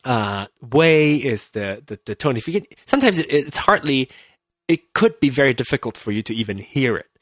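Recording alone from home with clean, studio-quality sound and no room echo, a man whose first language is Mandarin hosts a casual podcast. He rambles and interrupts himself while explaining things, laughs easily, and speaks at a normal speed in a medium-pitched voice with wide swings in intonation.

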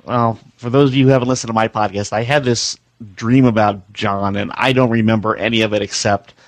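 A man on a podcast call as a guest, relaxed and easygoing. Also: fairly low pitch, brisk, no echo. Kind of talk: casual chat.

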